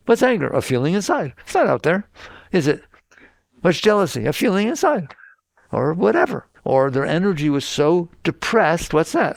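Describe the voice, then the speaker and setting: An older man giving an informal spiritual talk to a group, asking questions and answering them himself in a lively conversational way. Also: a little high, vocal fry, dry recording. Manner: animated, conversational, asks and answers his own questions. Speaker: spiritual teacher.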